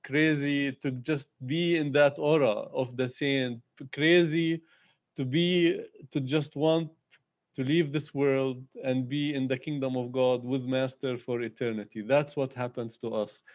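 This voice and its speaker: A man's voice: mid-range voice, steady tone, measured pace, lo-fi sound. A man giving a devotional talk at a spiritual gathering, fervent and laughing often as he speaks of love for God. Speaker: satsang speaker. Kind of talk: devotional talk with poetry reading.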